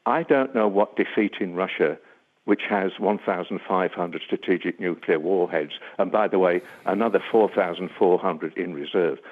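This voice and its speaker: An older man, a defence analyst, answering a radio interviewer gravely and deliberately, with many ums and uhs. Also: low-pitched. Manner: measured, grave, with frequent um and uh. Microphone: phone line. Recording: tinny phone line.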